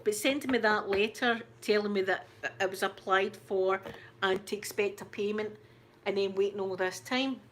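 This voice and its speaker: A middle-aged Scottish woman hosting her channel, chatting through a story in a lively, indignant way. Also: mid-range voice, moderate pace, a little hiss or hum. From Scotland. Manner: animated, indignant retelling full of "I says". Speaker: channel host. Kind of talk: casual storytelling chat.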